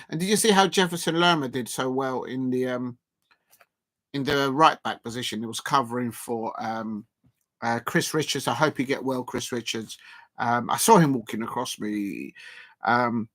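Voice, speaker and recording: Excitable man hosting a football stream. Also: fairly high pitch. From South London, England. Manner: excitable, rambling, many fillers and restarts. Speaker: live stream football watchalong host. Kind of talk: casual live commentary and chat reading.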